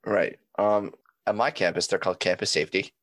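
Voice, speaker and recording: A man's voice: low voice, steady tone, a little fast, fairly bright tone, dry recording. A young man co-hosting a casual podcast, joking crudely with plenty of swearing. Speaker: podcast co-host.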